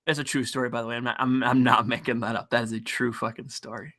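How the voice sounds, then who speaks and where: A man hosting a livestream, ranting profanely and excitably while reading chat donations aloud. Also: mid-range voice, fast talker. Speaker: livestream host. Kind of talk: casual livestream rant.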